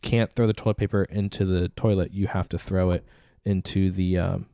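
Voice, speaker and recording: A man's voice: low-pitched, flat delivery, normal speed, gravelly, warm tone. A man co-hosting a casual chat, rambling through his points with lots of fillers and laughing at his own jokes. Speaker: podcast co-host.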